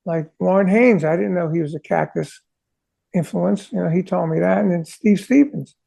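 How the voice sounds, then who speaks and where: A guest rock drummer, his high voice deeply gravelly with a dark, mellow tone, tells an interviewer studio stories at a moderate pace. He animates them by singing drum parts and playing out the quoted conversations.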